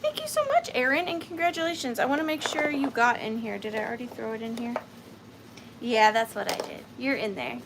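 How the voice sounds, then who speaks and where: A woman in her thirties with a Southern US accent, hosting a live vintage sale in a chatty, upbeat way with high squeals. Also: a little fast, very noisy. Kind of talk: casual live-stream selling chat.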